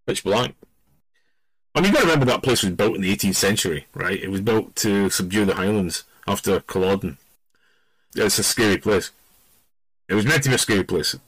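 Middle-aged Scottish-born podcaster, low voice, dry close sound, meandering storyteller. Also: male voice, expressive, fairly quick, long pauses, fairly bright tone, husky, dry recording, rough recording. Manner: rambling and digressive, loses the thread. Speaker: podcast host. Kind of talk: casual spoken storytelling.

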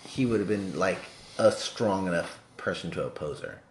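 A man in casual movie chat, talking in an animated, profane, rambling way. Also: deep voice, moderate pace, echoey room.

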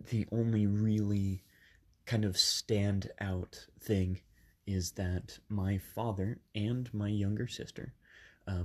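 A man in his twenties hosting a podcast from a bedroom padded with soft things. He is slightly sick and tells his story casually, with many ums and self-corrections. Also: lowish voice. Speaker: podcast host.

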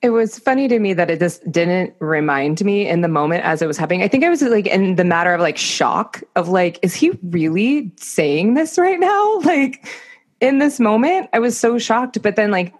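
Animated storytelling woman co-host. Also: mid-range voice, a little fast. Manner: animated storyteller, many fillers. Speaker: podcast co-host. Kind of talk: casual chat.

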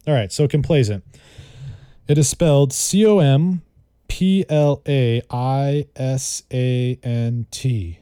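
A man's voice: medium pitch, slow pace, dark tone, clear, resonant tone, dry recording, studio quality. A man giving a casual vocabulary lesson. He chats and repeats words and spells them out. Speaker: vocabulary tutor.

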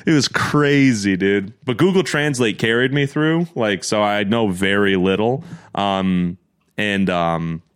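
A young man co-hosting a podcast, telling stories in a casual, swearing, animated way and laughing often. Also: lowish voice, unhurried, clear, resonant tone. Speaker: podcast co-host. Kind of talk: casual storytelling chat.

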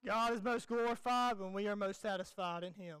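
A man impersonating an earnest male theologian preacher with an intense, low-key delivery. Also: a little fast, a bit bright, clear, resonant tone, dry recording, low-quality recording.

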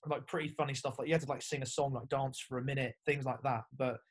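A quick-paced, medium-pitched male voice with fairly even intonation. The speaker, a young Englishman who used to play rugby, chats casually as a podcast guest, laid-back and swearing often amid lots of fillers.

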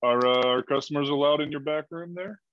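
A man's voice: fairly high pitch, fairly quick, fairly bright tone, dry recording, lo-fi sound. A man playing in a tabletop game, talking in a casual, joking way. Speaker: player. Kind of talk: casual tabletop role-play.

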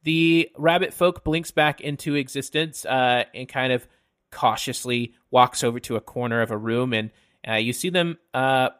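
Man, bright voice, game master narrating a tabletop game, frequent fillers and pauses. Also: medium pitch, smooth. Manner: halting, filler-heavy narration.

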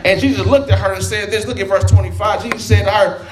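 A high-voiced man preaches a sermon in a loose, conversational way. His voice rings out in a roomy hall while music plays clearly underneath. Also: fairly even intonation, quick pace. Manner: conversational, folksy preaching with vernacular phrasing.

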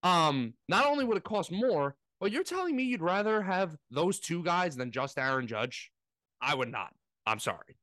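A man rants in casual sports talk, his somewhat high voice swinging widely up and down as he mocks his opponents. The recording is dry and close, with no room sound. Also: moderate pace, no room sound. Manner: animated ranting, mocking impressions. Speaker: podcast co-host.

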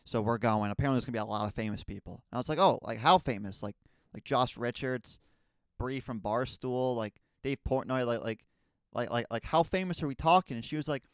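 A man's voice: medium pitch, brisk, clean tone, no room sound, clean studio sound. A young man hosting a comedy podcast, telling a story in a rambling, stammering way with lots of swearing. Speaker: podcast host.

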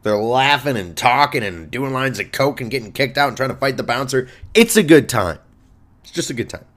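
A brash young male comedian and podcast host rambles through a loose, profane monologue. He swings his pitch up and down a lot as he riffs and boasts for laughs. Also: animated, brisk, fairly bright tone.

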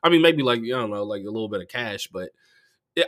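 Comedian guy on a podcast, bright edgy voice, swears a ton, rambles through stories and spikes up loud. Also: lowish voice, fast talker. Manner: profane, animated storytelling that jumps into loud quoted outbursts. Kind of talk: casual podcast chat.

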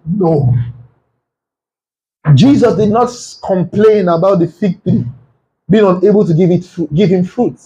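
Male pastor, high-pitched, fervent sermon delivery with sudden shouted peaks. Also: measured pace, long pauses, rough recording. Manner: emphatic, rhetorical questions, bursts into shouting. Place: church.

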